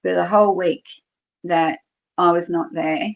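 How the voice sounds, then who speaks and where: With vocal fry and a steady tone on the low side, a middle-aged Australian woman speaks unhurriedly as a podcast guest. She chats through her experiences in casual story form, heavy on fillers and quoted dialogue, on a dull lo-fi recording.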